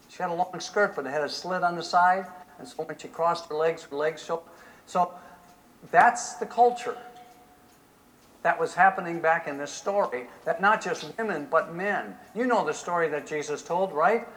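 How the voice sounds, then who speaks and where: A male pastor preaching a sermon in an animated way, often asking the congregation rhetorical questions. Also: fairly high pitch, normal speed, rough recording.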